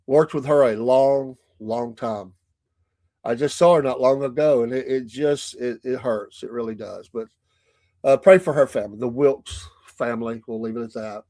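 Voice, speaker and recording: A man's voice: medium pitch, normal speed, warm tone, no room sound, studio quality. Folksy Southern man hosting a morning show. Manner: folksy, laughs often between remarks. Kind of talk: casual chat.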